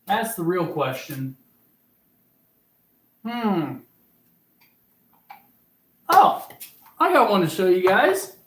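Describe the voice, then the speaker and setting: A man's voice: sits high, huge pitch swings, very slow, pauses often. A man from Oklahoma hosting a casual fishing livestream, chatting, giggling and reading viewers' comments aloud. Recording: roomy echo.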